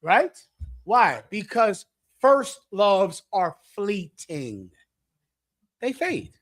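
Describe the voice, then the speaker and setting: A middle-aged man preaching bluntly to young listeners, lecturing and swinging between loud and hushed delivery. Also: sits high, very animated, extremely slow. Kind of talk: street sermon with audience questions.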